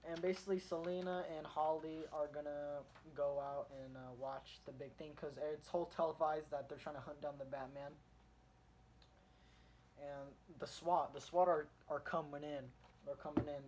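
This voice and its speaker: A young man casually retelling a comic book story, rambling with fillers and restarts and getting excited in bursts. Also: on the high side. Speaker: comic reviewer. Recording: faint background noise, home recording.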